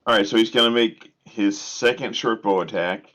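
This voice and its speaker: A man plays a tabletop game in a casual voice, talking his rolls through aloud. His voice sits a little low. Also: moderate pace, a bit bright. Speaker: player.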